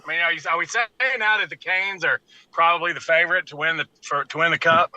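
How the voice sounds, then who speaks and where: A man in a casual sports talk show, quick and joking in his comments. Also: on the high side, fairly even intonation, sharp tone, lo-fi sound.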